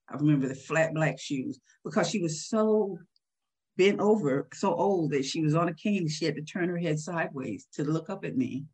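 Woman in her sixties, husky, reflective storyteller, interview guest. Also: low voice, darkish tone.

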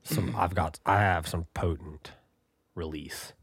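A man's voice: deep voice, steady tone, slow, gravelly, slightly rough, dry recording. A man chatting casually as a podcast guest in a studio, rambling with lots of "like" and laughing through his stories. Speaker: band member guest.

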